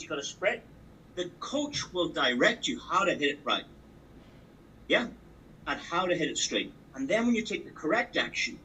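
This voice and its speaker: A man's voice: fairly high pitch, sharp tone, distant mic, slight background noise, poor audio. A man giving a motivational training talk on a call, emphatic and repetitive, driving his points home with sports analogies. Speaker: business opportunity trainer. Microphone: call audio.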